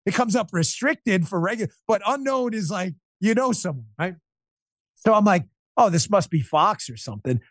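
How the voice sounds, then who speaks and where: Excitable high-voiced man telling a story. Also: no echo, studio quality. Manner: animated, emphatic, quick restarts. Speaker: podcast host and interview guest. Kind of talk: emotional personal storytelling.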